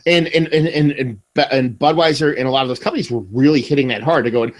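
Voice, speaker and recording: A young man co-hosting a beer podcast, telling stories in a rambling, profane, animated way. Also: medium pitch, quick pace. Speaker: podcast co-host. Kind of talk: casual chat.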